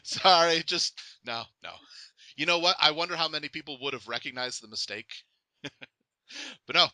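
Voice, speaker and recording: Bright-voiced joking man host. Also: fairly high pitch, moderate pace, no room sound. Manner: joking, laughs often. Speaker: podcast host. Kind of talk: casual interview chat.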